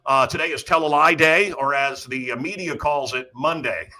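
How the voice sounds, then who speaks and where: A man's voice: a little high, normal speed, hardly any pauses, heavy background noise. A man hosting a talk show, delivering a sarcastic, ranting comedic monologue full of mocking asides. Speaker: radio show host.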